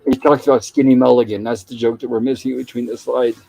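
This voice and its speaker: A man's voice: mid-range voice, flat delivery, fast talker, gravelly, mellow, muffled recording. A man hosting a show, chatting casually as he retells the plot of an old TV episode. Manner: chatty, plain storyteller. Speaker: show host.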